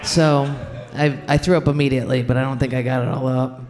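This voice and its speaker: A woman's voice: very deep voice, fairly even intonation, brisk, a little mellow. A woman doing improvised stand-up on a comedy festival stage, feeling sick and tired, with crude, blunt banter with the crowd into a handheld mic.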